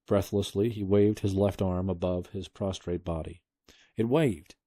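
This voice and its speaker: Deep mellow dad reading a story. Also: male voice, unhurried, dry recording, clean studio sound. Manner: steady storytelling. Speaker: father reading to his kids. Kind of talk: reading a book aloud.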